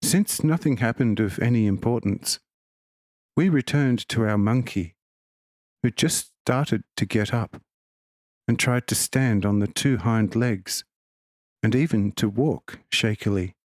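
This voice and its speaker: A man narrating a religious book as an audiobook reader, in a measured, even delivery. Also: fairly low pitch, no room sound, studio quality.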